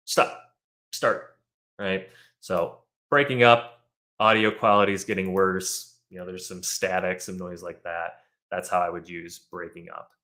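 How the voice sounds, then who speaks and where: A man's voice: low voice, a bit bright. A man teaching a live online English lesson, explaining phrases patiently with frequent fillers.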